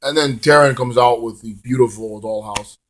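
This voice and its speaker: A man's voice: mid-range voice, moderate pace, a bit bright. A man casually reviewing a wrestling show in a rambling, swear-laced manner, drifting into hummed song bits.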